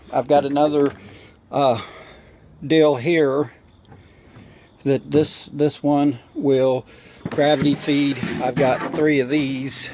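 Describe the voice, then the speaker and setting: A man out of breath, filming a casual walk-around vlog outdoors, halting with many fillers. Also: mid-range voice, a little mellow. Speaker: hobby gardener vlogger. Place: outdoor yard.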